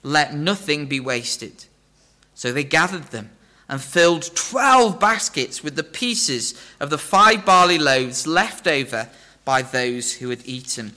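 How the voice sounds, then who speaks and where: A man preaching a sermon, earnest and emphatic, explaining scripture in plain terms and slowing down for stress. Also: fairly high pitch, sharp tone.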